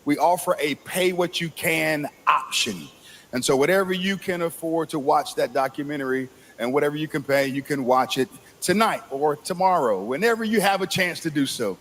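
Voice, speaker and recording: A man preaching a sermon, building from slow phrasing to impassioned shouts. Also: a little high, a little hiss or hum.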